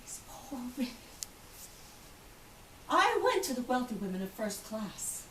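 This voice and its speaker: A woman's voice: on the high side, big pitch swings, unhurried, fairly bright tone. An actress giving a theatrical first-person monologue as an outspoken, wealthy woman who survived the Titanic, telling the story vividly and acting out the voices of others. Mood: brisk. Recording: roomy, distant, faint hiss.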